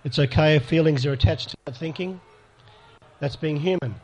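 A man's voice: fairly high pitch, normal speed, a little mellow. Man leading a church workshop. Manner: pastoral and direct, asks audience for hands up. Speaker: speaker at a church conference. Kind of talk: live workshop talk to an audience.

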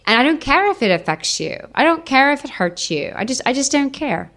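A woman's voice: sits high, big pitch swings, fairly quick, fairly bright tone. A young adult woman giving an emotional personal testimony to an audience, repeating phrases for emphasis.

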